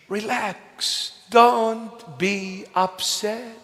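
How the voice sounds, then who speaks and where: A man preaching a sermon as a bishop, emphatic and slow, with playful asides to the congregation. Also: fairly high pitch, lively intonation, a bit bright. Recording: long reverb of a large hall.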